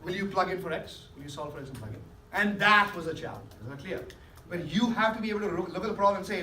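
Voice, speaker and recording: A man's voice: high-pitched, animated, fast. A man teaching a math class, coaxing students along and checking often that they follow. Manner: coaxing, keeps checking understanding. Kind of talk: classroom lecture with questions to students. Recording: echoey classroom from far off, faint hiss.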